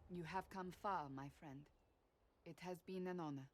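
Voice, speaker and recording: A woman's voice: lowish voice, moderate pace, lightly acted. A woman voicing a stern, devout female warrior in video game dialogue, speaking firmly and solemnly. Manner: firm and solemn.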